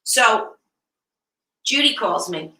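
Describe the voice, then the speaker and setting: A woman co-hosting a casual live show, telling flustered stories in animated chatter. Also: fairly high pitch, slow pace. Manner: animated, easily flustered storyteller. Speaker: co-host. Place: wine cellar. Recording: echoey room, distant mic.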